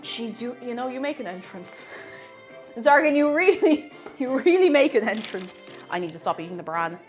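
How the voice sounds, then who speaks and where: A woman's voice: a little high, sing-song, moderate pace, faint music behind. A woman chatting playfully with viewers as a streamer while she bakes on a live stream. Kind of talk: casual chat while baking on a live stream.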